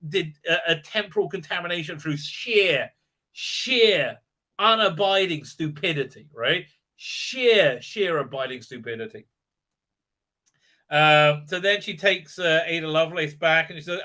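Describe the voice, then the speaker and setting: A man hosts a livestream in a bright, pushed voice that sits on the high side. His commentary is a sarcastic rant packed with fillers, and he keeps checking in with "right?"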